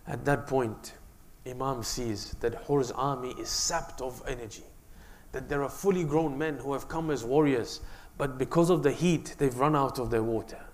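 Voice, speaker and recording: A male preacher narrating a religious story in a sermon, in an earnest, measured storytelling manner. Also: medium pitch, darkish tone.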